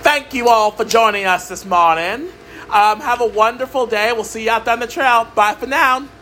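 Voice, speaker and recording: A woman's voice: on the high side, normal speed, slight background noise. A woman hosting camp morning announcements in an upbeat way. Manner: upbeat, lively, exclaims often.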